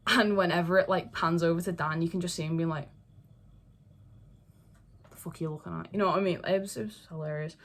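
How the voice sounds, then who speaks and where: A woman's voice: on the low side, fairly even intonation, quick pace, hardly any pauses. A young woman chatting to camera in a casual, rambling way, full of fillers and swearing. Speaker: fandom video creator. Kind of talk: casual chat, talking to camera.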